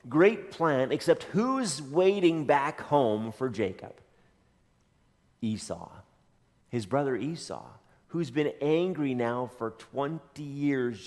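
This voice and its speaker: A man with a medium-pitched, somewhat mellow voice preaches in a church sanctuary, and his words ring with long hall reverb. As pastor, he relates a story in a conversational style with dry humor.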